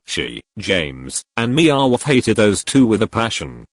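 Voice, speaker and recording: Male narrator reading fan fiction, lively, low voice, dry close mic. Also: slow, no room sound.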